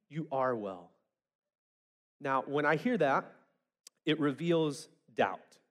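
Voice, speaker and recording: A man preaching a sermon in a conversational, storytelling way, acting out the people he quotes. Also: fairly high pitch. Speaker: pastor.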